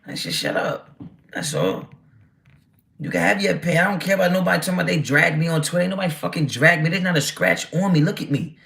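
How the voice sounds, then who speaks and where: Fast and lively in intonation, his voice runs on the high side, gravelly and a bit bright. The man hosts a casual football livestream, swearing a lot as he brashly reads out and responds to chat.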